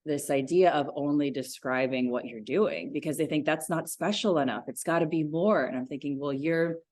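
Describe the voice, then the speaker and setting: A woman in her forties, a yoga teacher, talking about her practice in a casual podcast interview, enthusiastic and quick to laugh. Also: deep voice, darkish tone, no room sound, studio quality. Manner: enthusiastic, laughs easily, thoughtful.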